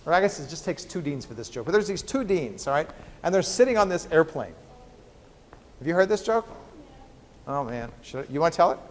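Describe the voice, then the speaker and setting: A man's voice: on the high side, very animated, fairly quick, pauses often, slight background noise. Man, biochemistry professor, university lecture, jokey, rhetorical questions, long hall reverb. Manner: joking, asks the class rhetorical questions.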